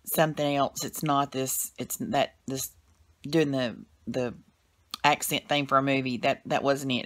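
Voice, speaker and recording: A woman with a Southern US accent, chatting casually to her camera as a vlogger, rambling with lots of fillers and restarts. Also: rumbling low.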